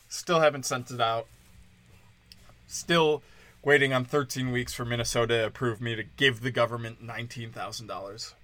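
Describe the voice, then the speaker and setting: A brash young comedian on his podcast, tearing into things with blunt, mocking profanity. His voice has a bright, forceful edge, and it sounds close and dry, with almost no room around it. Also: mid-range voice, dry recording. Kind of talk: casual comedic rant.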